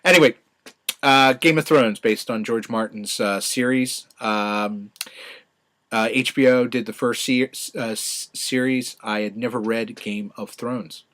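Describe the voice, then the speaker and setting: A middle-aged man giving a casual, rambling solo review, full of fillers and restarts, with sudden excited bursts. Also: mid-range voice, unhurried. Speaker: podcast host reviewing a TV show.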